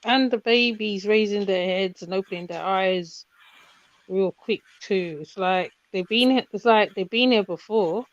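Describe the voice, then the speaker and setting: A woman's voice: medium pitch, unhurried, no echo. A woman with a hesitant manner, chatting casually with many fillers and repeated words. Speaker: mother and chat participant. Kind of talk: casual group chat. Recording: dull, dry lo-fi audio.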